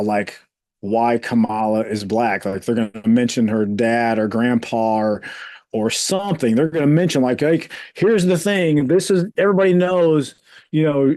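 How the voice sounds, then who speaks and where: A man co-hosting a podcast, talking politics in a heated, incredulous way with drawn-out emphasis. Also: mid-range voice, a little mellow, dry recording. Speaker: podcast co-host. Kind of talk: casual political chat.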